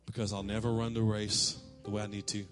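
A male pastor preaching a sermon in church, telling a lively story and calling out cheers in a raised voice. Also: lowish voice, brisk, music in the background. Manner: animated storytelling, shouting quoted cheers.

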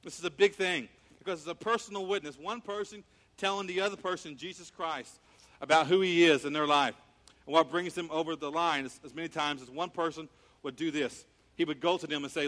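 A man preaching a sermon, animated, acting out scenes with quoted voices. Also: fairly high pitch, brisk. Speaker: pastor. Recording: long reverb of a large hall.

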